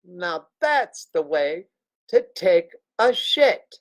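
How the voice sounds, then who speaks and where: Very slowly and in a high, sing-song voice, a man running a livestream wanders through a crude, jokey tale. It's rambling anecdotal storytelling, full of digressions.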